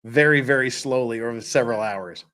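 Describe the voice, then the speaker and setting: A man's voice: medium pitch, brisk. A man hosting a casual livestream, chatting and telling stories with lots of laughter. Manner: laughing, animated storyteller. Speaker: livestream host.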